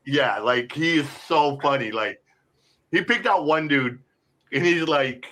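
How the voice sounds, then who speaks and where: Bright-voiced man rambling excitedly. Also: a little high, a little slow. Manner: rambling, excited storyteller, swears, says "like" and "bro". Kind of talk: casual chat.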